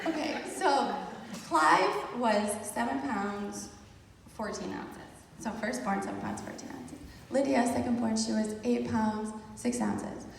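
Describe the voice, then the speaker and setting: A woman's voice: fairly high pitch, a little slow, creaky, heavy reverb, long reverb tail, recorded from a distance, slight background noise. A woman casually telling a group the story of her birth, with frequent laughter. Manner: animated, laughs often, addresses listeners as "you guys". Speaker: speaker sharing a birth testimony.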